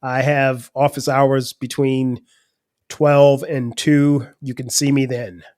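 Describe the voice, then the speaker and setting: A formal, measured male college professor, as a man imitates him. He speaks slowly and deliberately, a little lower than the storyteller's own voice. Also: little pitch movement, a little mellow, no room sound, clean studio sound, close to an everyday voice.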